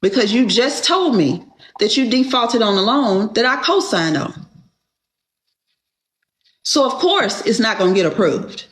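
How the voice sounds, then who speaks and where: A woman's voice: fairly high pitch, sing-song, a little slow, pauses often. A woman telling a story in a casual, emphatic rant and checking in with the listener again and again. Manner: emphatic, keeps asking "okay?". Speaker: storyteller venting to viewers. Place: airport. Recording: echoey room sound.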